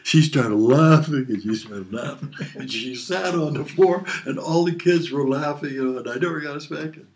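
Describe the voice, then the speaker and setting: A man's voice: fairly high pitch, normal speed, a little mellow. An older man, a father, telling rambling family stories from his childhood and chuckling often as he talks. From Hawaii. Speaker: father being interviewed. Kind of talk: casual storytelling.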